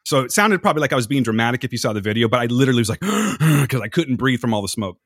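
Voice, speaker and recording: A man's voice: mid-range voice, rapid-fire, dry recording, clean studio sound. A man, hosting a podcast and telling rambling, profane stories. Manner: animated, profane, jumps between anecdotes. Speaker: podcast host. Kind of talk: casual storytelling chat.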